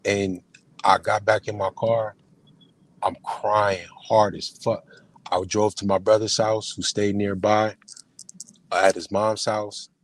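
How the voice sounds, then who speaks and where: A man, a podcast guest, telling an emotional personal story in casual conversation, halting and full of slang and restarts. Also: lowish voice, flat delivery. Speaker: podcast guest, film producer and screenwriter.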